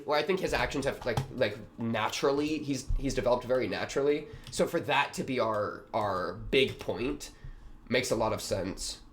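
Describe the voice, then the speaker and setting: A man's voice: medium pitch, slight background noise. A young man hosting a reaction video, talking in a rambling, slangy way with lots of fillers. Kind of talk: casual reaction commentary.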